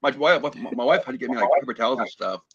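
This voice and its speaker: Rambling male guest, lively voice. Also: mid-range voice, very fast, slightly rough, no room sound, dull audio. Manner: rambling, filler-heavy storytelling. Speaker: podcast guest. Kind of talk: casual chat on a call.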